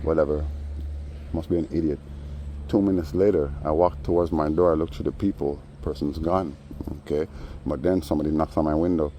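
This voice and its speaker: A man with a low, dark voice tells a long story straight to his audience. His delivery is casual and rambling, peppered with slang and "you know." His tone stays mellow and unhurried. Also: fairly even intonation, slight background noise. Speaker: vlogger.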